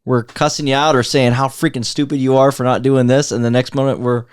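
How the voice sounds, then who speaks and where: A man co-hosting a casual chat, talking with lively enthusiasm. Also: mid-range voice, fairly quick, clear, resonant tone, no echo, clean studio sound. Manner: lively, enthusiastic fan talk. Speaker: co-host.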